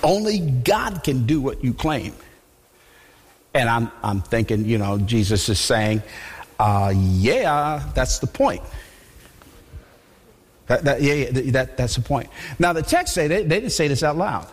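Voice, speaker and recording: A male pastor preaching a sermon in an animated, conversational way, often repeating his words. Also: mid-range voice, measured pace, pauses often, breathy edge. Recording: long hall reverb.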